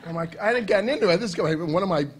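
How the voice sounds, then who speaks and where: A man telling a convention anecdote on a panel in an animated, profane way, laughing as he goes. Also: high-pitched, very fast, background noise. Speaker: comics writer on a convention panel. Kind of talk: casual storytelling on a panel.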